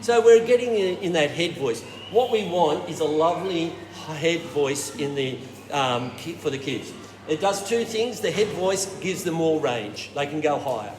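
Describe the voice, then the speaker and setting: A man leads a choir warm-up, and his speaking voice moves up and down a lot. He keeps breaking off to show the sound with hums and falsetto notes. The recording comes from a roomy hall with a long tail of reverb and audible background noise. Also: expressive, moderate pace. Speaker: choir director.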